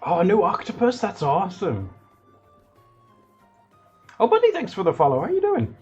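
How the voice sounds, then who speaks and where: A man chatting on a live stream as he draws, rambling and excitable, with plenty of fillers. His voice is a little husky. The audio is dull and lo-fi, with soft music playing underneath. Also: sits high, normal speed. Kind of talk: casual live-stream chat while drawing.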